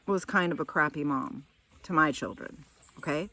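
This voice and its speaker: A woman's voice: low voice, normal speed, sharp tone, poor audio. A middle-aged woman telling a personal story in a candid, rambling way, tearing up at times. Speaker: vlogger.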